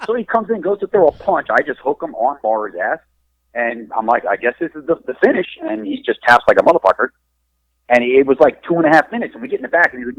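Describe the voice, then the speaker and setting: A man spins rough, profane wrestling stories in casual podcast talk. His voice swings widely up and down as he acts out each exchange. The sound is close and dry. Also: medium pitch, quick pace, no room sound, lo-fi sound. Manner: profane, animated storyteller acting out quotes. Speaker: wrestler and trainer, podcast guest.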